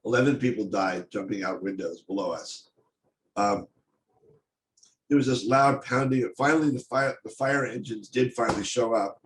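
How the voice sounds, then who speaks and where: An older man giving a personal storytelling talk on stage, speaking in a halting, intense way with many restarts. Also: lowish voice. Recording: echoey room, faint noise.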